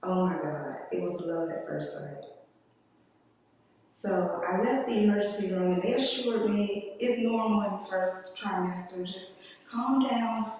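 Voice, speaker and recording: A woman giving an earnest, emotional personal testimony to a conference audience, speaking slowly with long pauses. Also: fairly low pitch, darkish tone, slight background noise. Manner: slow, deliberate delivery with long pauses. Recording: echoey hall, distant mic.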